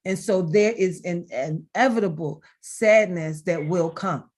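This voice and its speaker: A middle-aged woman on a video call, telling heartfelt stories in an expressive way and laughing now and then as she talks. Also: fairly low pitch, unhurried. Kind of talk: heartfelt conversational storytelling.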